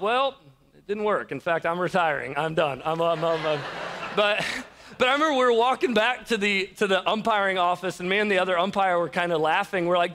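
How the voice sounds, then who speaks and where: A young man preaching a conversational sermon, telling stories with a self-deprecating, laughing, animated delivery. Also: high voice, brisk, a little hiss or hum. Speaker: pastor.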